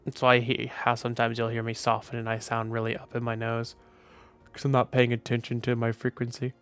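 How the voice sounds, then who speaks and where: A man's voice: mid-range voice, completely flat delivery, a little fast, clean tone, faint music behind. A tired, sleepy man chatting casually on a live stream, rambling and offhand with the odd swear. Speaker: VTuber streamer.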